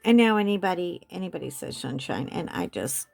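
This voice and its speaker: Animated woman telling a story. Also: fairly low pitch, a little slow, gravelly, pauses often, soft background music. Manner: animated, laughing often. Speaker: host. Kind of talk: casual storytelling while coloring.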